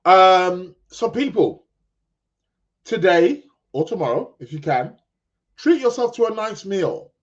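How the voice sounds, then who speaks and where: A man's voice: high-pitched, lively intonation, slow, lo-fi sound. A man hosting a live astrology podcast in a casual, rambling way, full of ums and restarts, often chuckling and talking to his listeners as "people". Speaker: podcast host.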